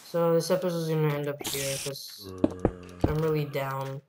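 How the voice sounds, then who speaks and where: A woman giving casual let's-play commentary, rambling along and bursting into excited yelps. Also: low voice, moderate pace. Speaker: gameplay commentator. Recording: noisy home computer mic.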